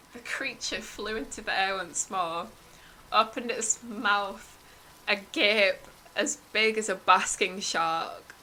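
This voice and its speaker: A woman streamer improvising a silly story, narrating slowly and giggling now and then. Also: medium pitch, bright, forceful tone, low-quality recording.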